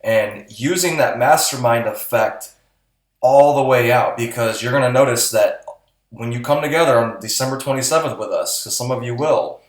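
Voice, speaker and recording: A man's voice: mid-range voice, moderate pace. A man co-hosting a podcast who talks in a blunt, motivational way and swears casually. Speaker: podcast co-host. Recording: roomy echo.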